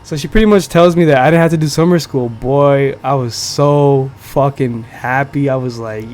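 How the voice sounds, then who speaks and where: A young man from the United States tells a long story on his podcast in a loose, slangy, swearing ramble packed with fillers. His voice sits at an ordinary middle pitch, with a faint hum of room noise behind him. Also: moderate pace, few pauses, darkish tone. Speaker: podcast host. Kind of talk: casual storytelling. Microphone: streaming setup.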